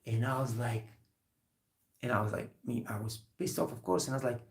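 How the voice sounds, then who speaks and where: A man's voice: mid-range voice, fairly even intonation, fairly quick, echoey room. A man, a hospitality trainer, giving an earnest, rambling motivational talk to young trainees, full of fillers.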